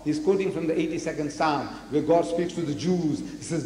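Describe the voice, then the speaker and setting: A South African man giving a public lecture, animated, throwing rhetorical questions at the audience. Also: a little high, a little fast. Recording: echoey hall with faint noise, archive lecture.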